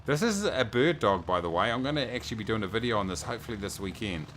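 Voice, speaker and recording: Low-voiced New man chatting on stream. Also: expressive, quick pace, fairly bright tone, a little hiss or hum. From New Zealand. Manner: chatty, reads viewer messages aloud and thanks them. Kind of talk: casual livestream chat.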